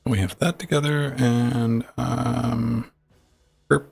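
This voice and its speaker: A man's voice: medium pitch, steady tone, slow, gravelly, breathy edge. A man co-hosting a live gaming podcast, chatting in an offhand, distracted way while setting up a game. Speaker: podcast co-host. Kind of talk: casual live gaming chat.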